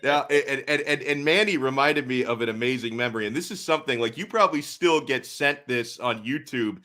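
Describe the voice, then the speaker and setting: A man's voice: medium pitch, fairly quick, sharp tone. A man hosting a sports talk show, chatting in an easygoing way and laughing along.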